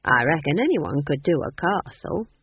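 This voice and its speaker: A woman's voice: deep voice, sing-song, moderate pace, slightly rough, no echo, full character voice. A reader voicing a cheerful, coaxing old witch with an earthy, bawdy manner. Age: older. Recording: tinny, dry phone-like audio.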